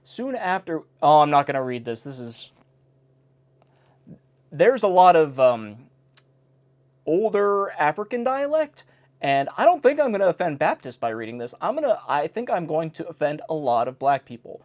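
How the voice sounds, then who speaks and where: Lively man reading old jokes aloud. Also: on the high side, moderate pace, pauses often. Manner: wry, breaks off to comment on each joke. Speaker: host reading an old joke book. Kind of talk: casual reading aloud with commentary. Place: indoor home recording in South Carolina.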